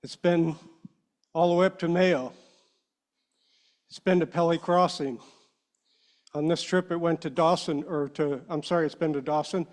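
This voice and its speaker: A man addressing a public meeting as a panel member, earnest and a little halting, emotional as he speaks. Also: on the high side, steady tone, darkish tone. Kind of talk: heartfelt speech at a meeting. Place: meeting room.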